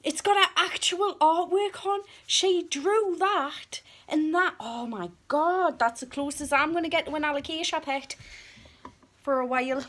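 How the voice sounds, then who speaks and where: A woman chatting on a casual vlog, excitable and cheeky, swinging between gushing and hushed asides. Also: high voice, unhurried. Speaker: vlogger.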